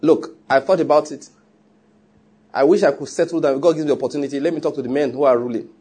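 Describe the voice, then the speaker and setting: A man's voice: a little high, warm tone, slightly rough. A man preaching a sermon in an emphatic, conversational way, with joking asides. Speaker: pastor.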